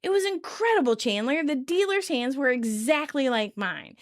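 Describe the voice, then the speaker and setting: A woman putting on the voice of an excitable young man who is full of big schemes and shouts his lines. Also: sits high, normal speed, pitched above the performer's own voice. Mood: excited. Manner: eager, shouting.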